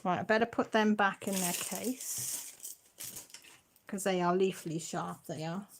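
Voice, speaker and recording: A craft channel host chats on a casual live stream from home, emotional and warm-hearted, close to tears while thanking her viewers. Her mid-range voice is unhurried, with background noise present.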